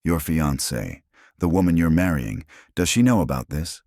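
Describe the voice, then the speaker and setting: A man's voice: rumbling low, expressive, moderate pace, darkish tone, no echo, clean studio sound, heavily acted. A man voicing a hurt, angry young mother of triplets who speaks sharply and bitterly. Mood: guarded.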